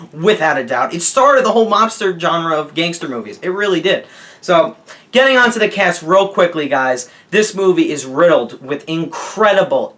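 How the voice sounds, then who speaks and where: A man's voice: fairly high pitch, bright, forceful tone. Gushing young male movie reviewer. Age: young adult. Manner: gushing, emphatic, asks "okay?" and says "guys" often. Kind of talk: casual video review.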